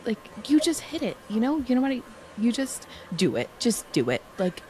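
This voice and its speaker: A woman's voice: a little high, big pitch swings, normal speed, heavy background noise. A woman hosting an interview show, enthusiastic and blunt as she urges her guest on. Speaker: podcast host. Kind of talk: casual interview chat.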